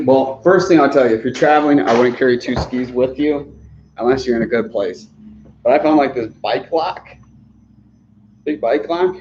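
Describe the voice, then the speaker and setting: A man's voice: medium pitch, darkish tone, muffled recording, a little hiss or hum. A man chatting casually on a livestream Q&A, rambling, chuckling often and restarting his sentences. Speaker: livestream host answering viewer questions.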